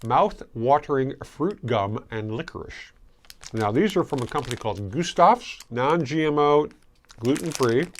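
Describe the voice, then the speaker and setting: A man's voice: medium pitch, animated, measured pace, slight background noise. A man from Michigan, hosting a casual candy tasting video, chatting and chewing as he reviews each piece. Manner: chatty, chewing while talking. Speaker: host.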